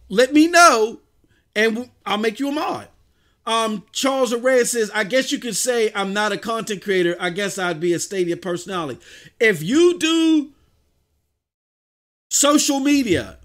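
A man's voice: high voice, fairly bright tone. A man hosting a livestream in casual, off-the-cuff chat, talking emphatically with frequent stumbling restarts. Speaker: livestream host.

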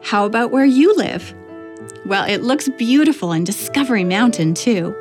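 Lively woman hosting a children's program. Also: a little high, normal speed, faint music behind. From Colorado, USA. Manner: bright, lively. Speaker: host. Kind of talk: scripted narration.

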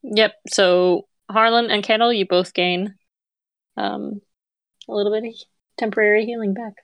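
A woman acting as game master, narrating a tabletop game with steady, patient rulings. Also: medium pitch, moderate pace, vocal fry, no echo.

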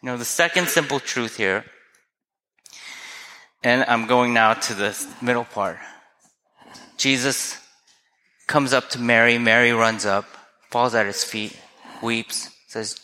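Here a male pastor preaches slowly, pausing often, his mid-range voice pushed and bright. He stays earnest and conversational, frequently asking the congregation rhetorical questions, with long hall reverb in the recording.

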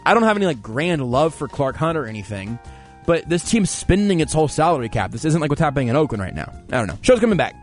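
Man, sports talk host, loose and conversational, slightly high voice. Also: sing-song, fast talker, faint music behind. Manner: rambling, conversational, reads listener comments aloud. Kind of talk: casual sports talk show.

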